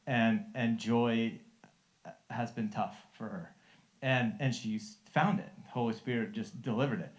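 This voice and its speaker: Earnest man telling a faith story. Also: fairly high pitch. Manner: earnest, laughing often, many restarts. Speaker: Christian life coach sharing a testimony. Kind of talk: storytelling testimony to a live group.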